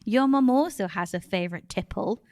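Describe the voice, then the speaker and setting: A woman's voice: mid-range voice, animated, moderate pace, darkish tone, dry recording. A British woman co-hosting a podcast, telling family stories in a casual chat and laughing often. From Britain. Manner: laughing storyteller. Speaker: podcast co-host.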